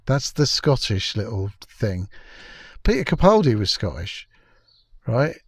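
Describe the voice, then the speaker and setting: A man's voice: medium pitch, very animated, a little slow, husky, dry recording. A man giving a sarcastic, scornful spoken review of a TV episode, swearing freely. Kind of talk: ranting video review commentary.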